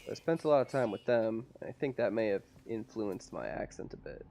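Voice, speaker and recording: A man's voice: fairly low pitch, animated, a little fast, creaky, warm tone, slight background noise. An American man streaming a game, muttering to himself and chatting with viewers. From United States. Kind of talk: casual gameplay commentary.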